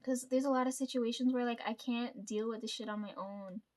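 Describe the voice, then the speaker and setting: High-voiced rambling woman vlogger. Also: steady tone, a little fast, darkish tone. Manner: rambling, swears freely, constant "like" and "right?". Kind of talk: casual storytime chat.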